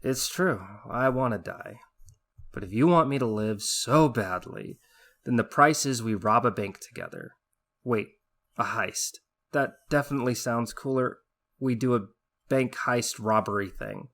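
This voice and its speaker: A man voicing a worn-out, weary man who talks bluntly in a flat tone. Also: mid-range voice, measured pace, vocal fry.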